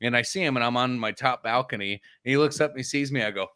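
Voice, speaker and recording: A man's voice: medium pitch, fast talker, bright, forceful tone, clear, resonant tone, dry recording, studio quality. A middle-aged man co-hosting a live show, telling a funny family story with lots of laughing and swearing. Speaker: podcast co-host. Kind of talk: casual storytelling on a live stream.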